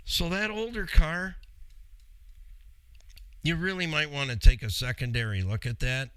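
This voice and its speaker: A man's voice: fairly high pitch, measured pace, long pauses, fairly bright tone, smooth, dry recording. A man who used to be an auto technician tells a story in a casual vlog, acting out both sides of the conversations.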